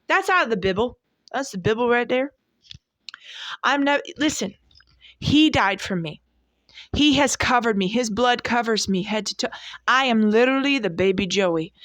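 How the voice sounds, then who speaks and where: A woman's voice: mid-range voice, dry recording, studio quality. Emphatic woman in her forties, folksy preaching. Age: 40s. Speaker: devotional podcast host. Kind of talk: devotional talk.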